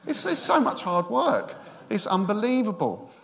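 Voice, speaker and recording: A man's voice: high voice, wildly swooping pitch, normal speed, vocal fry, fairly bright tone. A middle-aged man, a senior minister giving a sermon in a chatty, joking storytelling way.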